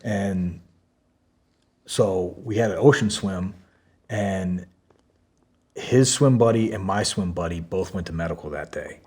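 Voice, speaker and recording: A man's voice: sits low, takes it slowly, pauses often, darkish tone, breathy edge. A man, a podcast guest, tells a story in loose, casual talk full of fillers and swearing. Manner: loose, profane, many fillers.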